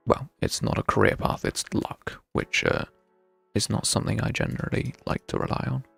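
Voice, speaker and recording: A man's voice: medium pitch, huge pitch swings, normal speed, gravelly, fairly bright tone, husky, dry recording, soft background music. A young man chatting casually while streaming a game, thinking aloud with wry self-mockery. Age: young adult. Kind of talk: casual live gameplay commentary.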